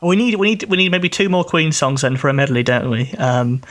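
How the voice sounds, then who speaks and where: A man's voice: a little high, expressive, fairly quick, background noise. A man appearing as a podcast guest, joining the comedic banter in a cheerful, teasing way.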